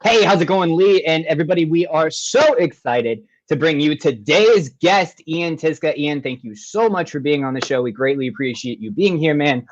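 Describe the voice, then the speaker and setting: A man's voice: on the high side, lively intonation, normal speed, hardly any pauses, lo-fi sound. A man hosting a live online show, greeting viewers with upbeat, effusive chatter over a video call. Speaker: show host.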